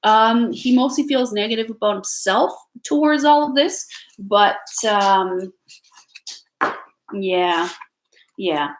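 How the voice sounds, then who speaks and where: With a mid-range voice and lively intonation, a Canadian-accented tarot reader speaks slowly and leaves long pauses during a live reading at home. Family noise is audible close by on the rough recording, and she stays chatty and reassuring, with many fillers and restarts.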